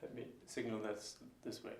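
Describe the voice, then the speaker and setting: A man teaching German pronunciation, explaining each sound and slowly repeating example words. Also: fairly low pitch, flat delivery, darkish tone, echoey room, a little hiss or hum. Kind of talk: pronunciation lesson.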